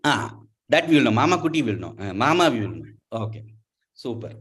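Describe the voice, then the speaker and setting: A man's voice: medium pitch, very animated, brisk, fairly bright tone, slightly rough. A man giving a playful, interactive storytelling lecture to a university class, often asking the audience questions. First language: not Telugu. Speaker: guest lecturer.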